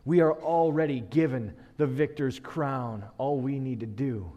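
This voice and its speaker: A man preaching a sermon, building rhythmic refrains that swell and then drop low. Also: measured pace, highs cut off. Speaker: pastor. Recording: long hall reverb.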